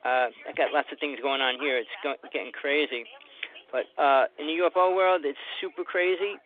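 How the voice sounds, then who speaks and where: A man's voice: fairly high pitch, fairly even intonation, fairly quick. Older man calling in on a tinny phone. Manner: chatty, loose and rambling. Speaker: guest caller. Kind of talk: casual radio call-in.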